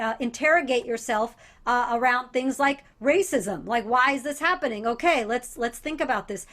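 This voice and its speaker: A woman comedian from Alabama on a panel, animated and thoughtful, with mocking asides. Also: high-pitched. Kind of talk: casual panel chat.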